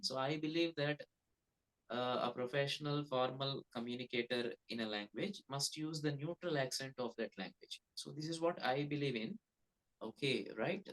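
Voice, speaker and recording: A man's voice: fairly high pitch, a bit bright, low-quality recording. A man with a Telugu-influenced Indian English accent, teaching an online English class and often checking in with "right?". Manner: explanatory, repeats "right?" and "okay, right?" as check-ins. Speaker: English coach. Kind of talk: online class explaining to students.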